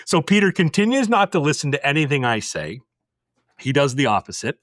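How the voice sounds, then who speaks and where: A man's voice: fairly high pitch, very animated, a little fast, a bit bright, no room sound, studio quality. Blunt, intense middle-aged man telling a story. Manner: blunt, intense storyteller acting out quoted dialogue. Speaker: podcast host. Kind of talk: casual storytelling chat.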